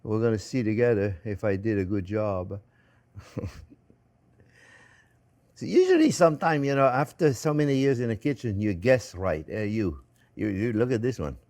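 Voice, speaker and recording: A middle-aged male chef talks through a cooking demo in a chatty, joking way, often calling his viewers friends. His pitch swings up and down with plenty of life. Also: lively intonation, normal speed, pauses often, darkish tone. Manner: talkative, jokey, addresses viewers as friends. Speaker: chef and cooking show host.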